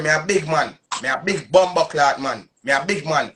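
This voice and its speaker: A man in his thirties with a Jamaican Patois accent talks on a live stream in a somewhat high voice. He rants in an emphatic, boastful way and hammers the same phrases over and over. Faint vehicle noise sits in the background. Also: moderate pace, pushed and bright. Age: 30s. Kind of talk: casual live-stream rant.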